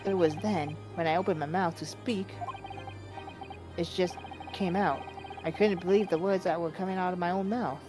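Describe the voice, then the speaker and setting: A woman's voice: fairly low pitch, steady tone, over music, close to an everyday voice. Woman playing a stammering guilty constable. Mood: remorseful. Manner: halting, stammering confession. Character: grieving young male police constable. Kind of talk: fan dub of a game.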